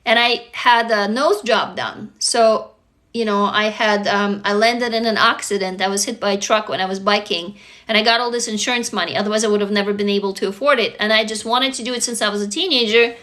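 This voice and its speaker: A woman's voice: mid-range voice, fairly even intonation, fairly quick, fairly bright tone. A young woman, not a native English speaker, talking earnestly and confessionally to her livestream viewers, speaking to them directly. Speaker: livestream host. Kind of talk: casual heartfelt livestream talk.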